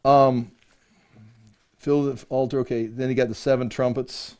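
A man's voice: mid-range voice, little pitch movement, measured pace, a little mellow, smooth. A man teaching a conversational Bible-study sermon, reading verses aloud with emphasis and explaining them with rhetorical questions.

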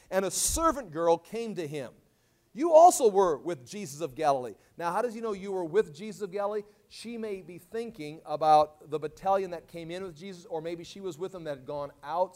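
A man teaching a sermon verse by verse, casually explaining and acting out quoted lines in dramatic voices. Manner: animated, acts out quoted lines with big swings in pitch and volume. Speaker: Bible teacher. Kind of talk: expository sermon.

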